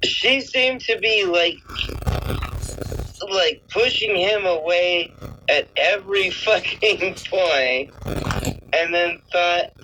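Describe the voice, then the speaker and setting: A man's voice: sits high, takes it slowly, long pauses, lo-fi sound, background noise. A man in casual chat, hesitant and confused, filling his questions with "like". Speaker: podcast co-host.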